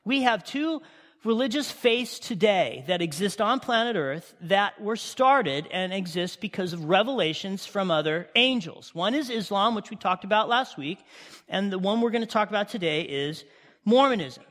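High-pitched man preaching in a reverberant hall. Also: animated, normal speed, fairly bright tone. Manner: emphatic, conversational preaching with questions to the congregation. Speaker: pastor. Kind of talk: sermon.

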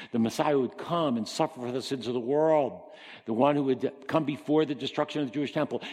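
A man preaching a sermon in an emphatic style, climbing to high, excited peaks and then dropping low. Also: big-room sound.

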